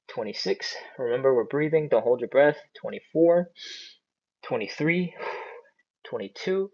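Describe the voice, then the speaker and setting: A man leads a live stretching session from a phone, counting each hold aloud and chatting easily with his viewers. His voice sits at a middle pitch, and the phone audio sounds dull and lo-fi. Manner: counts down aloud, chatty, reads out chat comments. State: a bit out of breath. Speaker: stretching class host. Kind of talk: live follow-along stretching class. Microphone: phone on a stand.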